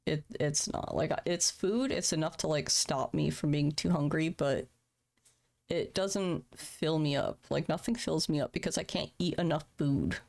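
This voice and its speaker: A woman's voice: sits low, measured pace, gravelly, a little mellow. A woman in her thirties, a streamer, talking candidly and emotionally on a livestream from home, swearing casually. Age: 30s. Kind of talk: candid personal talk on a livestream. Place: home room.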